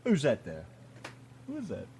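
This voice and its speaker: A man's voice: mid-range voice, wildly swooping pitch, normal speed, creaky, dark tone, a little hiss or hum. A man with an American accent co-hosting a casual radio show, joking and teasing his co-host.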